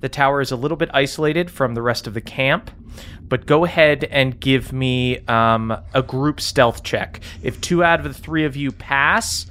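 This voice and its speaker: A man's voice: medium pitch, normal speed, a little hiss or hum. Laid-back man running a tabletop game. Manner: relaxed, laughs often, many fillers. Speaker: game master.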